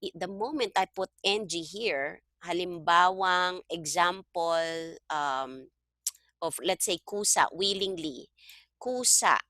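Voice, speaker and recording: A woman's voice: fairly low pitch, sharp tone, no room sound, studio quality. A woman tutoring Tagalog one-on-one over a video call, patiently checking that her student follows. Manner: patient, checks understanding with frequent "okay?". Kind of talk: one-on-one online language lesson.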